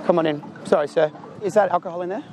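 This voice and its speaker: An Australian man playing a strict bouncer outdoors, deadpan and polite while turning people away. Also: high-pitched, fast, a crowd in the background, noisy background. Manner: polite, officious doorman talk. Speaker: comedy prank host posing as a bouncer. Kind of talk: deadpan prank banter with passers-by. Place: outdoors in a city park.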